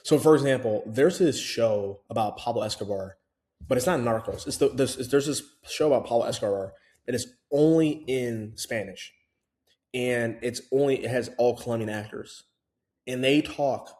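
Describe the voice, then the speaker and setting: A man's voice: medium pitch, normal speed, darkish tone. A man vlogging in a casual, rambling way about learning a language, with lots of fillers and restarts. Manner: chatty, full of fillers and restarts. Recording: roomy echo.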